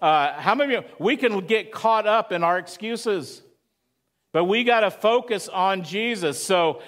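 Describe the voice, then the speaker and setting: A man's voice: high voice, animated, measured pace, a bit bright. A man preaching a sermon at church, talking conversationally and asking the congregation questions. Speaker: pastor.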